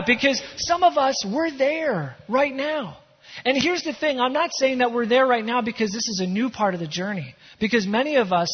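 A man's voice: high-pitched, husky. A man preaching a sermon as pastor, conversational and joking with his congregation. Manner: conversational, self-deprecating humor. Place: church sanctuary. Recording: reverberant hall, dull lo-fi sound.

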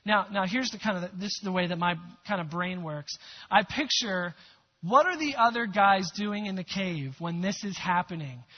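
A man's voice: high-pitched, lively intonation, moderate pace. A male pastor preaching a sermon in a conversational, earnest way with many rhetorical questions. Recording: dull lo-fi recording.

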